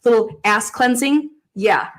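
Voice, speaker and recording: A woman's voice: a little high, a little slow. A woman hosting a livestream, reacting to a clip with a profane, mocking rant. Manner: swearing, mocking, bursts of laughter. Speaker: livestream host.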